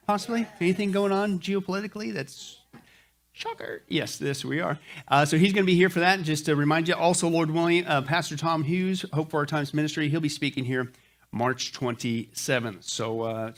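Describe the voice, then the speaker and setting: A man's voice: on the high side, a bit bright. A middle-aged male pastor giving jokey, folksy church announcements to his congregation, with lots of "uh" fillers. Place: church sanctuary.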